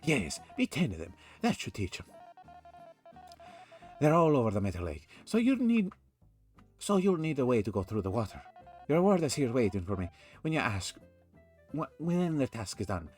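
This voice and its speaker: A man's voice: medium pitch, sing-song, moderate pace, long pauses, darkish tone, faint music behind, natural voice. A man reading game dialogue aloud as a vengeful one-eyed old sea captain with a pirate accent.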